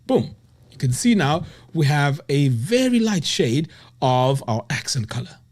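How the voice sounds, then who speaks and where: A man's voice: sing-song, a little slow, a little mellow. A man teaching web design in a screen-recorded tutorial, walking through steps with enthusiastic exclamations. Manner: enthusiastic, exclaims "boom" and "look at that".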